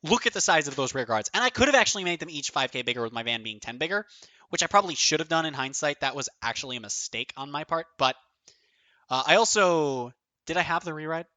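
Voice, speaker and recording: A man streaming his own online card game tournament, thinking aloud, counting out numbers and swearing often, his voice going a bit hoarse. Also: on the high side, lively intonation, fast, pushed and bright, dry recording. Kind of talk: excited live commentary of own play.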